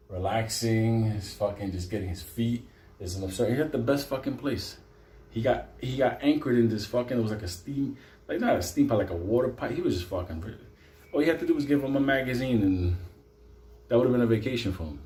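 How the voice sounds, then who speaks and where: A man telling a comic story in a profane, animated way, swinging between loud bursts and quiet asides. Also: fairly low pitch, a little hiss or hum. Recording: echoey room.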